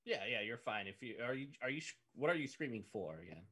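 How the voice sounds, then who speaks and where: A man running a tabletop game as game master, describing scenes softly and unhurriedly with many pauses and ums. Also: medium pitch, very animated, breathy edge.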